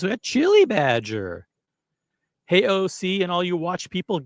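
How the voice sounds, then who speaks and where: Very animated and high-pitched, a man hosting a livestream rambles and chats with his viewers at a moderate pace, often mocking himself. The recording is dry and close.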